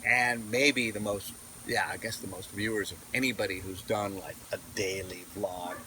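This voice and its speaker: A man's voice: fairly low pitch, fairly even intonation, normal speed, pushed and bright, a little hiss or hum, low-quality recording. A man, vlogging casually outdoors into his camera mic, digressive, with many fillers and restarts. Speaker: vlogger and audiobook narrator. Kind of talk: casual rambling vlog talk. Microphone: camera mic, no wireless mic.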